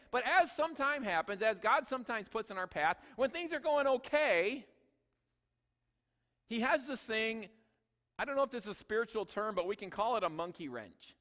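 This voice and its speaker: High bright-voiced male pastor preaching. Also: in a large hall. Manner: conversational, joking asides. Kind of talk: sermon. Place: church sanctuary.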